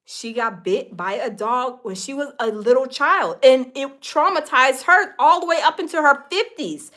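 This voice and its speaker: Woman gossip host, high voice, chatty, talks to her viewers like friends. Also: a bit bright. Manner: chatty, addresses viewers directly with many fillers. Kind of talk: celebrity gossip commentary.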